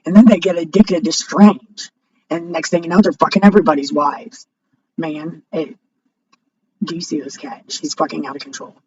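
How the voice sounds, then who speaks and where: Woman ranting at home, swears a lot, gets shouty, muffled lo-fi mic sound. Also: low voice, steady tone, moderate pace, husky. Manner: profane, blunt, rising to shouting. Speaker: video blogger. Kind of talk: unscripted rant to camera. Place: home, with a cat nearby. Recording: dull lo-fi microphone.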